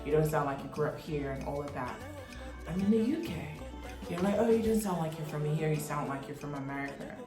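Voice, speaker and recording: A woman's voice: sits low, animated, brisk. A young woman from Nigeria chatting to camera in a joking, dramatic vlog. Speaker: vlogger. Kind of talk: casual chat to camera. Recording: echoey room with faint music.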